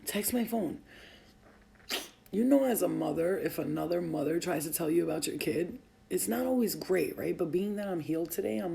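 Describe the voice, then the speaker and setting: Casting note: a mother vlogging, gravelly dark voice, swears and laughs through her story, faint noise behind. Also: lowish voice. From Albanian family. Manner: profane, laughing, animated storytelling. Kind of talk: casual storytelling.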